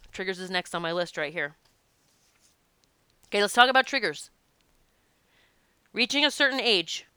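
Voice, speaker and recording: Bright, crisp-voiced woman storyteller. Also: medium pitch, no echo. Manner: animated, emphatic storytelling. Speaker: past life regression practitioner. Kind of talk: casual spoken talk to an audience.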